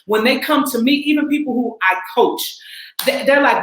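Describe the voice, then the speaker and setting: A woman in her forties from the Twin Cities, an actress and acting coach, talking casually and emphatically, sometimes laughing and rising into shouts. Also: high voice, normal speed, reverberant, slight background noise, poor audio. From Twin Cities, Minnesota. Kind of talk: casual heartfelt talk.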